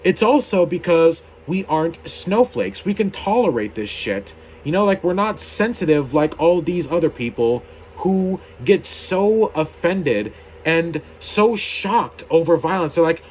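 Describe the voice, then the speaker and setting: A man's voice: on the high side, very animated, unhurried, a little hiss or hum. A young adult man hosting his own video channel, ranting in a heated, indignant way and swearing casually. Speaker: YouTuber.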